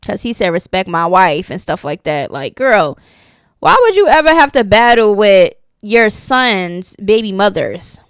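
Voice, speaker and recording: A woman's voice: mid-range voice, sing-song, unhurried, clean tone, dry recording, studio quality. A woman giving sassy, casual gossip commentary, reading posts aloud and reacting to them. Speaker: commentary channel host.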